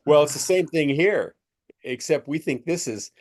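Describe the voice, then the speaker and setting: A man's voice: a little high, expressive, moderate pace. A middle-aged man, a spiritual teacher, talking in a rambling conversational way and acting out quoted voices as he explains.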